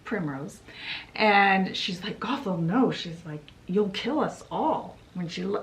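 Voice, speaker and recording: A woman's voice: fairly low pitch, rough recording. A young woman retelling a novel's plot in a casual, chatty vlog style. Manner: storytelling with fillers like "she's like". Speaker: book vlogger. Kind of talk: casual book summary.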